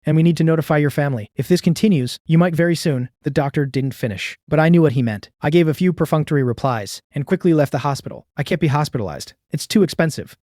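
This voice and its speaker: A man's voice: on the high side, darkish tone, no echo, studio quality. A man narrating a first-person story in a subdued, sorrowful manner.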